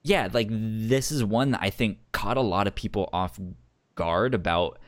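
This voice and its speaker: Low-voiced man hosting a casual chat. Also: normal speed, no room sound, clean studio sound. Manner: relaxed, chatty, swears casually. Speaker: podcast host.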